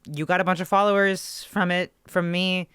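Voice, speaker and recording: A woman co-hosting a podcast, telling a story in an animated, ranting way with swearing, close to her microphone. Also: on the low side, normal speed, clean tone, no room sound. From Canada. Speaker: podcast co-host. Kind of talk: casual podcast chat. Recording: dry close-mic sound.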